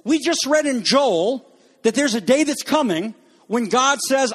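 A man's voice: extremely high pitch, animated, a little slow, breathy edge. A man preaching a sermon to a congregation, talking in a conversational, joking way with asides to the listeners. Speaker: pastor.

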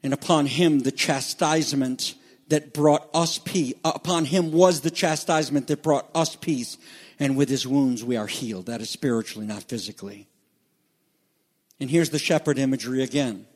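A man preaching a sermon, with dramatic swings from loud declarations to hushed, quiet lines. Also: mid-range voice, moderate pace. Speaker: pastor. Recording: echoey hall reverb.

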